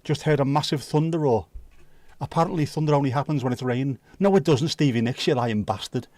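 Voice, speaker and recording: A man hosting a livestream, chatting casually with viewers and cracking sweary jokes and quick asides. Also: medium pitch, a little mellow, no echo. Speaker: livestream host. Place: home livestream setup.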